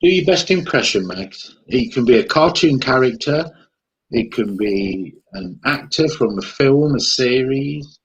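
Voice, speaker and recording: A man's voice: mid-range voice, lively intonation, a little slow, breathy edge, muffled recording. A man chatting casually as co-host, playful and mock-offended in the banter. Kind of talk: casual chat.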